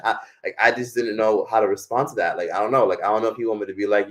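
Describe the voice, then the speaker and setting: A man's voice: on the low side, racing, few pauses. A young American man hosting a live stream, talking casually in a rambling, profane way with lots of fillers. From United States.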